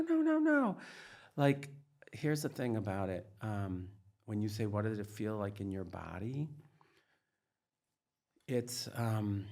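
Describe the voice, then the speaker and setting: Earnest, low-voiced middle-aged man. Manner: earnest, emphatic, heavy use of "like" and "you know". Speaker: psychiatrist and trauma expert guest. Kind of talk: candid interview conversation.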